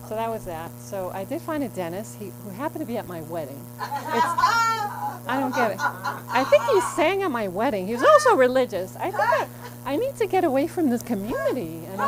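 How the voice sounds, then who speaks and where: Middle-aged woman doing standup, rambly and chatty, voice jumps all over, a bit high, noisy hum behind. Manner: chatty, rambling storytelling with frequent restarts. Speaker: open mic comedian. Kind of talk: stand-up comedy set.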